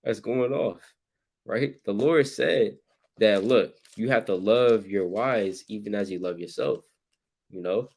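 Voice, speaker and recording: Male teacher with a low voice, slangy and animated, leads scripture talk. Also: unhurried, gravelly. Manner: animated, acts out scenes with sudden loud shouts; casual street slang.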